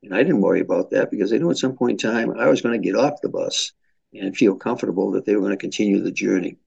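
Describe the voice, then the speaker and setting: An older man from Boston with a Boston accent, answering interview questions in a measured way with frequent hesitations. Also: fairly low pitch, a little mellow, muffled recording. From Boston, USA. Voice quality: gravelly, husky. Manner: measured, hesitant with many fillers. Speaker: interview guest.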